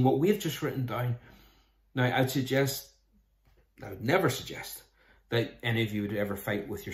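A man, preaching a sermon in an earnest, conversational way, often posing questions to his listeners. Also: medium pitch. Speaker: pastor. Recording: roomy echo.

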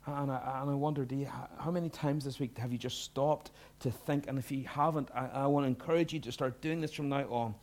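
A middle-aged male pastor giving a sermon, earnest, dropping to hushed lines and rising to loud emphatic bursts. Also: mid-range voice, steady tone, brisk, hardly any pauses.

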